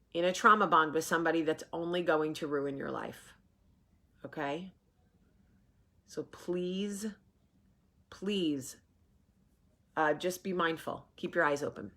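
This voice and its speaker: A woman's voice: low-pitched, fairly even intonation, slow, long pauses, bright, forceful tone. A woman from New Jersey in her forties, chatting casually to camera and acting out the people in her stories. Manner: chatty storyteller, acts out voices in anecdotes. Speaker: vlog host. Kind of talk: casual morning chat to camera.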